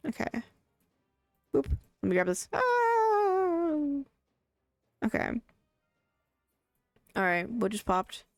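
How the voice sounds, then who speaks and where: A woman's voice: medium pitch, moderate pace, long pauses, dry recording, faint music behind. Chatty woman streamer, dry close sound. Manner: chatty, rambling, laughs often. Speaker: game streamer. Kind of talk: casual live gameplay commentary.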